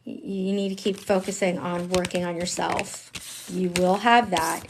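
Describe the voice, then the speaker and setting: A woman giving a live-streamed tarot reading, chatty and emphatic, dropping slang and swinging between hushed asides and excited outbursts. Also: lowish voice, unhurried, noisy background. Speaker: tarot reader.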